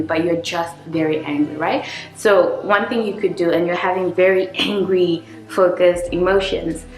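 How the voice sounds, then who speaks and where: A woman vlogger talking casually about self-help and spirituality, acting out the inner dialogue she has with herself. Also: on the low side. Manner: reflective, acts out her inner dialogue. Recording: echoey room.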